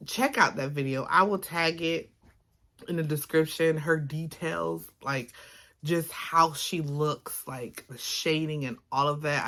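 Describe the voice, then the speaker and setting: Chatty Baltimore woman with a bright voice. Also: sits low. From Baltimore, Maryland. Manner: rambling, chatty, lots of fillers. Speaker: vlogger. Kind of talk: casual chat to camera. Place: home, indoors. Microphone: phone camera.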